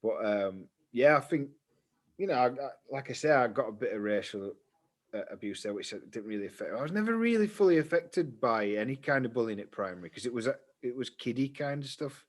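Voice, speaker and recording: A man, co-hosting a casual podcast chat and telling stories in an animated way, laughing easily. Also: mid-range voice, a little fast. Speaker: podcast co-host.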